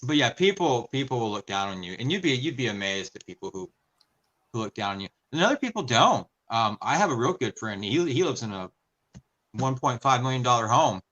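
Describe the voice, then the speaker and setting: A man with a bright, forceful voice at an average pitch, chatting on a podcast. He tells his stories earnestly, stopping and restarting as he goes. The delivery is loose and conversational. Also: sing-song, dull audio. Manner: earnest, halting personal storytelling. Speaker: podcast co-host. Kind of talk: casual podcast chat.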